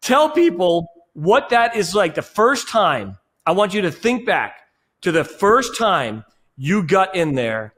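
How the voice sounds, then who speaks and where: A man's voice: high voice, big pitch swings, slow, a bit bright. A man hosting a podcast, asking questions in an eager, admiring way. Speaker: podcast host. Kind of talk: casual interview talk.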